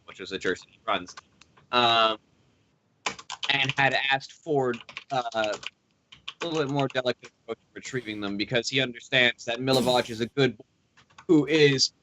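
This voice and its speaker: A man running a tabletop game as dungeon master, recapping the story with hesitant pauses and fillers over an online call. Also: mid-range voice, sharp tone, slight background noise.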